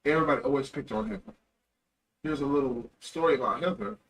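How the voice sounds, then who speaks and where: A man's voice: a little high, quick pace, a bit bright. A young man livestreaming, telling a rambling story in a loose, casual way and correcting himself as he goes. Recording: distant mic with faint ambient noise.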